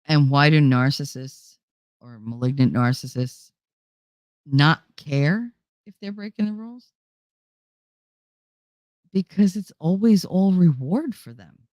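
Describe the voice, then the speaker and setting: Slow and often pausing, a woman with a low, darkish voice hosts a casual live chat, recorded with no echo. She's blunt and profane, responding to viewers and playing out the people she describes.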